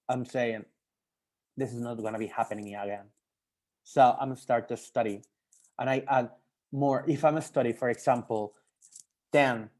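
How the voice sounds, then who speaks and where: A young Mexican man who teaches French speaks with a Mexican accent; Spanish is his first language, not English. Addressing language learners personally, he talks in halting English full of restarts and fillers, his mid-range voice carrying a darkish tone.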